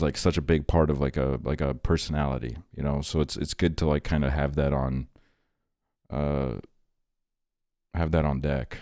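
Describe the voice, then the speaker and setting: A man's voice: rumbling low, warm tone, no room sound, studio quality. A man in his twenties chatting casually with his stream chat late at night, rambling and laid-back, often laughing. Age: 20s. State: tired.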